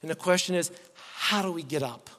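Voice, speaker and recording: A man preaching a sermon to his church, animated, moving between loud emphatic lines and soft quiet ones. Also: on the high side, a little fast. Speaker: pastor. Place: church sanctuary. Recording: long hall reverb.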